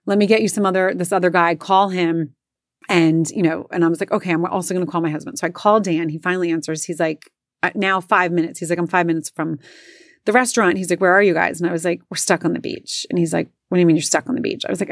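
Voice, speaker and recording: Her lowish voice stays fairly even and moves fast, recorded cleanly in a studio with no room sound. She's a woman in her forties telling a chatty, self-deprecating story and voicing each person's lines herself.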